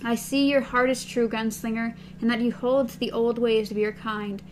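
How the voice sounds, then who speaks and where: A woman reading a novel aloud with a partner, giving the characters' lines in a soft, slow voice. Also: fairly high pitch, level tone, a little hiss or hum, rough recording. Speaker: reader.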